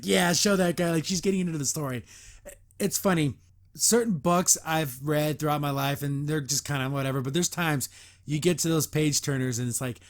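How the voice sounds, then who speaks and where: Male host, somewhat high-pitched, rambling casual recap, filler-heavy, laughs often. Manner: chuckles often while recapping. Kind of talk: casual episode review.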